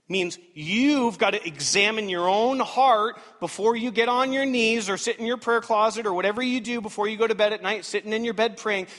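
A man in his thirties preaching a sermon as pastor, animated and dramatic, swinging between loud outbursts and hushed asides. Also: high-pitched. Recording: reverberant church hall.

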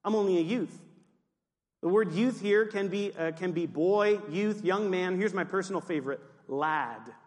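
A man's voice: high voice, moderate pace, hardly any pauses, long reverb tail. A male pastor preaching a sermon emphatically, repeating key phrases.

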